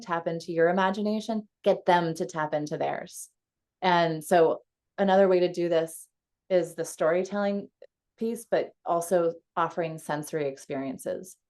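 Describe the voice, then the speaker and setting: A woman coach leading a casual teaching call from home over a video call, chatty and quick to laugh, with frequent fillers. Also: lowish voice, darkish tone.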